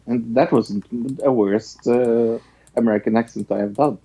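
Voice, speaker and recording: A man co-hosting a casual reaction chat, relaxed and agreeable. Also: lowish voice, moderate pace, creaky, breathy edge, low-quality recording. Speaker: co-host.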